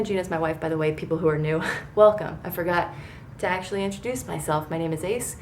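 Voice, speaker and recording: A woman in her thirties recapping a reality TV episode from her bedroom, excitable, rambling and freely swearing. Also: lowish voice, normal speed, slight background noise. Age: 30s. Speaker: TV recap vlogger.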